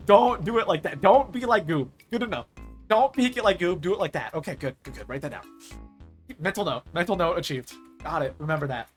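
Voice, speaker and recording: A young man streaming a game, chatting casually and rambling, often saying "like" and ranting when annoyed. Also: a little high. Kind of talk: casual live-stream chat while gaming.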